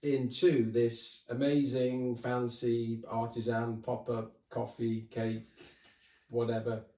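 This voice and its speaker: A man's voice: medium pitch, flat delivery, takes it slowly, mellow. A man, a guest pastor chatting casually and jokingly on a podcast. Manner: chatty, jokey, laughing as he talks. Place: church cellar. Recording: roomy, distant mic.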